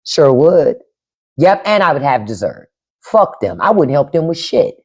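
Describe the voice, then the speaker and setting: A lowish-voiced woman hosts a live stream in blunt, profane style, talking straight to her viewers. Her pitch swings widely as she goes colors her speech. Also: unhurried, husky. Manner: blunt, profane, animated, addresses chat by name. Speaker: podcast host on a live stream. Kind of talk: unfiltered live-stream commentary.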